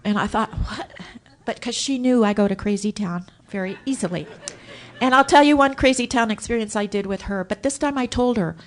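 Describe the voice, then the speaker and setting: Woman telling her story at a meeting, really animated, acts out her own thoughts, on a podium mic. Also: a little high, fairly quick. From Southern California. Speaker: recovery meeting speaker. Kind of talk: personal story share. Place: hotel conference room.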